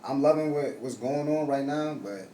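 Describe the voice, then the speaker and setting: Male DJ guest, relaxed and slangy, mid-pitched voice, recorded in an echoey room off-mic. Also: moderate pace. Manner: laid-back, loose, swears and says bruh. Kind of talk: casual podcast chat. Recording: echoey room, distant mic, faint noise.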